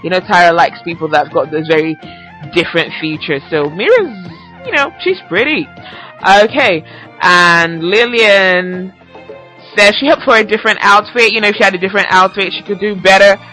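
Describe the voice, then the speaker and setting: A woman's voice: mid-range voice, normal speed, bright, forceful tone, faint music behind, poor audio. A young woman hosting a casual solo podcast, chatty and teasing, laughing often at her own remarks. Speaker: podcast host.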